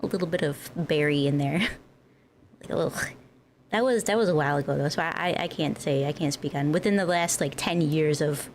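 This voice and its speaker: A woman's voice: sits low, fast, hardly any pauses, a little mellow, slight background noise. A young woman from the northern United States, chatting casually with her stream viewers in a rambling, giggly way. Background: faint music.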